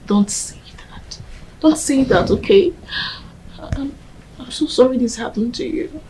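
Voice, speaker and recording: An actress with a Nigerian accent playing a young woman softly comforting her grieving partner in a film. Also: sits high, unhurried, slight background noise, rough recording. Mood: tender. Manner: gentle, coaxing, often whispering.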